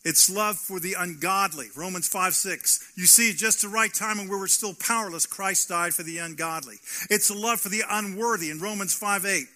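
A man's voice: high voice, moderate pace, few pauses, sharp tone, soft background music. A male pastor preaching a sermon, driving points home with rhetorical questions and repeated phrases.

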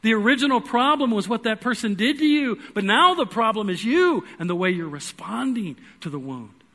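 Here the preacher's high, bright voice has a sing-song quality, and he talks at a normal speed. In an earnest church sermon he tells a personal story, surging into loud pleading and then dropping to quiet, hushed moments.

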